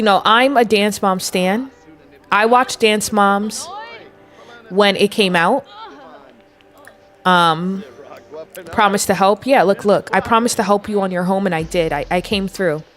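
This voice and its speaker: A woman's voice: mid-range voice, unhurried, soft background music. A woman in her twenties giving chatty, giggly live commentary as she plays a game and talks to her viewers. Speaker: game streamer. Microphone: desk mic.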